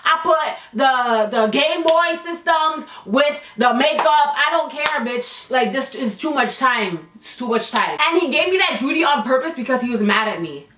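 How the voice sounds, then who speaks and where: A young woman rattles through a casual storytime, high-pitched and bright. She is blunt and swears freely. Her voice rings in an echoey room, a little away from the mic. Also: animated, recorded from a distance, slight background noise. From Canada. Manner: fast-talking, blunt and profane. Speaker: vlogger.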